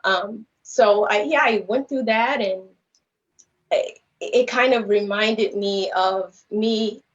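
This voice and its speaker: A woman's voice: mid-range voice, takes it slowly. A woman guest speaker earnestly retelling a personal story on a podcast, rambling and peppered with "you know" and "like". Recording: slightly dull lo-fi livestream audio.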